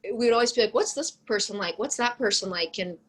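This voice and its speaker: Bright-voiced young woman chatting casually. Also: medium pitch, lively intonation, fast, poor audio. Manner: rambling, heavy use of "like" and "um". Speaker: interview guest. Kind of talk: casual chat.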